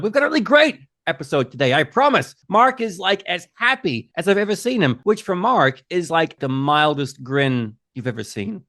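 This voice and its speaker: A man's voice: high voice, moderate pace, hardly any pauses. A man hosting a comedy podcast, joking, swearing and slipping into silly voices as he riffs. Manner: animated, profane, jokey, slips into silly voices. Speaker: podcast host. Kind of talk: casual podcast banter.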